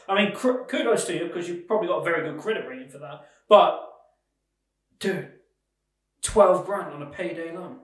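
A man's voice: sits high, normal speed, reverberant, distant mic. A man co-hosting a comedy podcast, exasperated and scolding his partner in disbelief. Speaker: podcast co-host.

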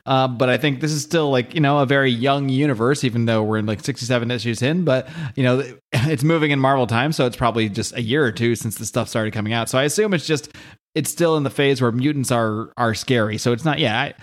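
A man co-hosting a casual podcast, adding measured, thoughtful asides and soft laughs. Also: mid-range voice. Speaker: podcast co-host. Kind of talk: casual chat commentary.

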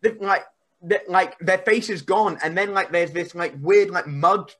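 A man, a podcast guest, telling stories in a rambling, animated way. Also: high-pitched, measured pace. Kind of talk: casual podcast chat.

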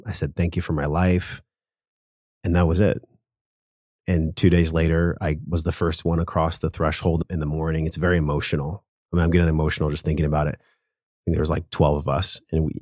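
A man with a low, deep voice speaks as a podcast guest, sharing a personal story with earnest emotion and loose, casual language. The sound is dry and close, as if right on a studio mic with no room around it. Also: a little mellow, no echo.

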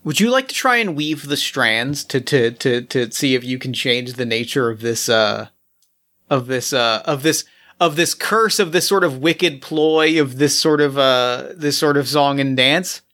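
Man as game master, halting narration, mid-pitched voice. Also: sharp tone. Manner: halting, with many restarts.

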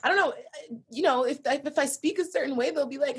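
A woman's voice: sits high, lively intonation, quick pace. A young woman co-hosting a podcast, chatting casually and thinking aloud as she talks. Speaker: podcast co-host. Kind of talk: casual chat.

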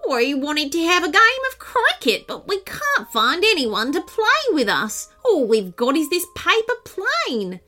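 A woman's voice: high-pitched, wildly swooping pitch, a little slow, few pauses, sharp tone, soft background music, pitched above the performer's own voice, exaggerated voice. A woman voicing a friendly kookaburra in a children's storybook. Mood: hopeful.

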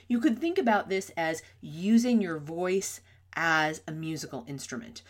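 A middle-aged woman hosting a podcast, teaching about workplace communication in an emphatic, animated way with light laughs. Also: lowish voice. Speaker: podcast host.

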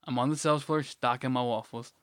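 A man's voice: medium pitch, fairly even intonation, quick pace, smooth, no echo, clean studio sound. A man co-hosting a podcast, telling a rambling, blunt story in casual chat, swearing freely and restarting his sentences. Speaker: podcast co-host.

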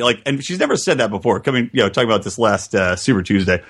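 Man, podcast host, casual roundtable chat, wry and animated delivery. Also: mid-range voice, quick pace, breathy edge.

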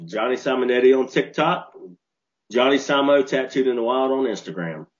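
A man co-hosting a podcast, telling a story in an animated way and restarting his sentences as he gets worked up. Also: medium pitch, normal speed. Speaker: podcast co-host. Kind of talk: casual storytelling chat. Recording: dull lo-fi podcast audio.

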